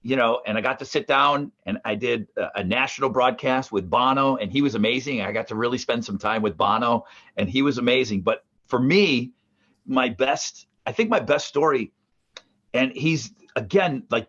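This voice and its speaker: A middle-aged man co-hosting a podcast from a home basement, a former radio interviewer talking in a halting, self-deprecating way. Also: mid-range voice, fairly bright tone, lo-fi sound. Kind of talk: casual chat.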